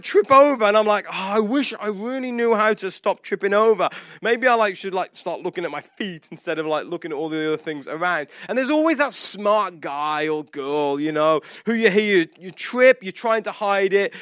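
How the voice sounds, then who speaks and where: A man preaching a sermon, retelling a Bible story with animated acted-out quotes and lots of casual "like" fillers. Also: high voice, no echo, clean studio sound. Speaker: pastor.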